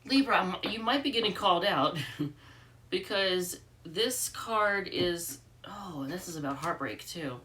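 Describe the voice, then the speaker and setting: A woman reading tarot cards in a loose, chatty way, her voice stuffed up and congested. Her tone is bright and forceful but sits a little low. She sounds a bit far from the mic, with faint noise behind her. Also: animated, a little slow. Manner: chatty, rambling with fillers and restarts. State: congested from allergies. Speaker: tarot reader.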